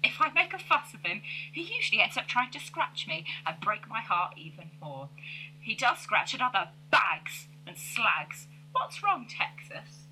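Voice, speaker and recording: A woman's voice: medium pitch, sing-song, normal speed, pushed and bright, a little hiss or hum, poor audio. A woman co-hosting a comedy podcast, reading out letters and replies with giggly self-mockery. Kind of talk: casual comedy podcast chat.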